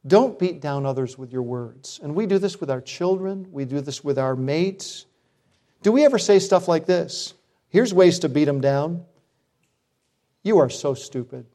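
A man's voice: a little high, dark tone. A middle-aged man preaching a sermon as pastor, earnest, with self-deprecating humor.

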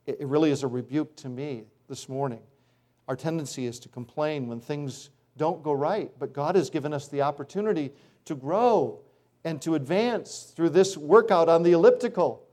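A middle-aged male pastor preaching a sermon, animated and acting out complaining voices now and then. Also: on the high side, moderate pace.

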